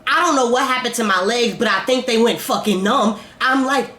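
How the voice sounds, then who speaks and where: A young woman vlogger telling a casual storytime, animated and swearing as she acts out her own reactions. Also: fairly high pitch, moderate pace. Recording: echoey room, faint noise.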